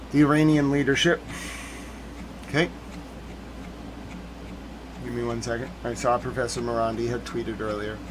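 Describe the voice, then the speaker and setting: A man's voice: mid-range voice, slight background noise. A man hosting a live news stream, chatting to viewers and repeating himself when anxious. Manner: anxious, repeats himself, greets chat by name. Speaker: livestream news commentary host.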